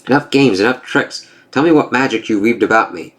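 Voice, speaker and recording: A man's voice: mid-range voice, fairly quick, lightly acted. A man reading the lines of a stern, proud male thunder god from a comic, declaiming in solemn oaths. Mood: defiant.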